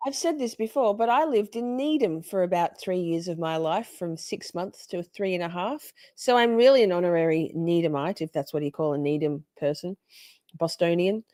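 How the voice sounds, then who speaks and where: A woman's voice: lowish voice, moderate pace, dark tone, no room sound, studio quality. A woman with an Australian accent hosting a live stream, chatting freely and swearing as she reacts. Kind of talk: casual live-stream commentary.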